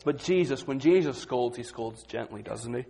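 A man preaching a sermon, moving between quiet, low passages and loud, excited retellings of the disciples. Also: normal speed, vocal fry, slightly rough. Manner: dynamic, swings from quiet to loud and high when acting out the disciples.

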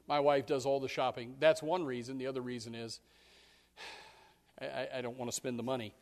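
A man preaching a sermon as pastor, folksy and animated, acting out scenes. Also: medium pitch, moderate pace, long reverb tail. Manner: folksy, animated, acts out yelling parents and kids.

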